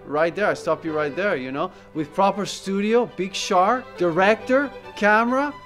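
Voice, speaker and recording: A man's voice: high-pitched, moderate pace, a bit bright, soft background music. A man playing an eccentric man with a thick odd foreign accent and broken English, giggling and swinging between moods in a comedy sketch.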